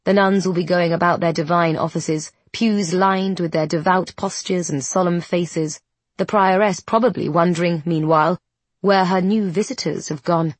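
A woman reads a storybook aloud as scripted narration, measured and descriptive, in a low, husky voice. Her intonation stays fairly even, and the recording is dry and close.

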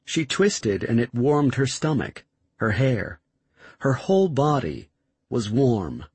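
A man narrating an audiobook in a measured, expressive reading style. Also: medium pitch, husky, dry recording.

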